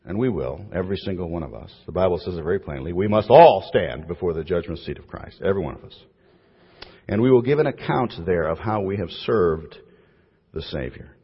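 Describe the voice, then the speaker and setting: A man's voice: sits low, lively intonation, a little fast, husky. Preaching man in an echoey hall. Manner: emphatic preaching with repeated phrases trailing off softly. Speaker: pastor. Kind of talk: sermon. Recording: dull, echoey church hall.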